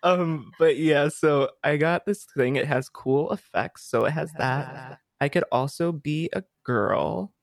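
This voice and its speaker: Playful podcast host man, crisp dry mic. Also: on the high side, a little slow, few pauses, no echo. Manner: jokey, playful, tries out sound effects. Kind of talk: casual podcast chat. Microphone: streaming mic with compressor and EQ.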